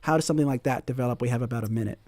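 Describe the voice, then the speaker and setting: A man hosting a public radio talk show from a studio, measured and friendly as he interviews and signs off. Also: medium pitch, darkish tone, no echo. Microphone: studio microphone.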